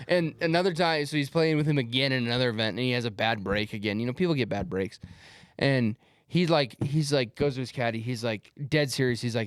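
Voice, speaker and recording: A man's voice: medium pitch, fast, clear, resonant tone, dry recording, studio quality. A young man co-hosting a casual podcast, telling stories with bursts of laughter. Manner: animated storyteller, laughs mid-story. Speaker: podcast co-host. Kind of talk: casual chat.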